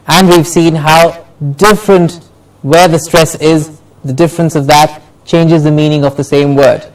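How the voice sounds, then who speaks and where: A man teaching English word stress, slowly repeating each example word for the class to say along. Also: a little high, fairly even intonation, recorded from a distance, poor audio. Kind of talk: classroom lesson with drills.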